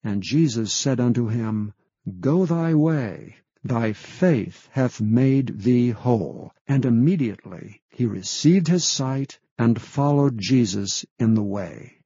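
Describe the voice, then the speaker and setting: A man reading a Bible passage aloud in a slow, measured way. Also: mid-range voice, expressive, warm tone, breathy edge, no room sound. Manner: slow, measured reading of King James text. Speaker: scripture reader. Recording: dull, muffled, dry sound.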